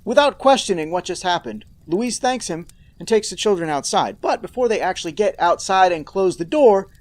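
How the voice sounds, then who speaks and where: A man's voice: high-pitched, lively intonation, moderate pace. A man hosting a podcast, recapping a horror episode with sarcastic, mock-outraged asides. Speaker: podcast host.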